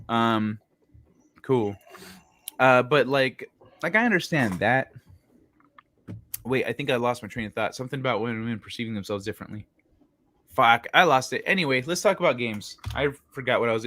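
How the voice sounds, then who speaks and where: A man of middling pitch chats loosely on a gaming live stream. He rambles, leans on fillers and wanders off topic. His voice comes through dry and close on a home mic. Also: a bit bright, no echo. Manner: rambling, filler-heavy, loses his train of thought. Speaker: host. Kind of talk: casual live-stream chat.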